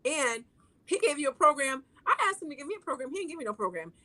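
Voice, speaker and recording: A woman's voice: high-pitched, very animated, fast, a crowd in the background. A woman hosting a casual talk show, chatty and emphatic, mixing jokes with strong affirmations. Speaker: host.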